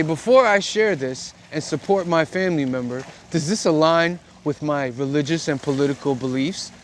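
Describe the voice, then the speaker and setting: A man's voice: a little high, slight background noise. A middle-aged man from the United States giving an earnest, preachy monologue for his vlog, recorded outdoors by a river. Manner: earnest and preachy, speaks in repeated phrases. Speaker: vlogger. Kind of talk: reflective monologue.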